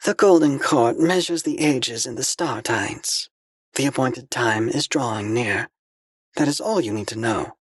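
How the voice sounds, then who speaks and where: A man's voice: mid-range voice, measured pace, slightly rough, no echo, pitched above the performer's own voice. A man voicing a blindfolded alien woman emissary, a serene fanatic who speaks in solemn ritual pronouncements. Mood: serene menace.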